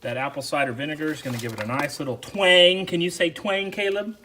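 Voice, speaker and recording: A man with a bright, fairly high voice hosts a home cooking vlog. He talks the viewer through each step in a relaxed, chatty way, with a faint hum of ambient noise behind him. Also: fast talker. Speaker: cooking show host. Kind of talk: casual how-to cooking narration.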